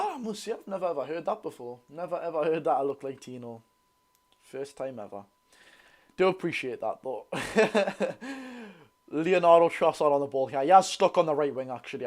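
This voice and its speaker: A young man with a Geordie accent giving excitable, bantering live commentary on a football match while reading out viewer comments. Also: a little high, fast. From North East England. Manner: excitable, banter-filled, reads chat aloud. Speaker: football channel host.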